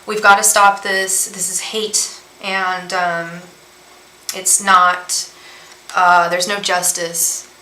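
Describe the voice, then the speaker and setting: A woman's voice: on the low side, level tone, slow pace, bright, forceful tone, echoey room, poor audio. A woman, a tarot reader on a casual livestream, talking in a rambling way full of fillers and restarts. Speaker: tarot reader and psychic medium.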